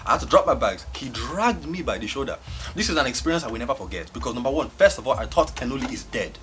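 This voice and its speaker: A young man telling a comic storytime story on his vlog, animated and laughing as he goes. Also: mid-range voice, fast talker, background noise. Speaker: vlogger.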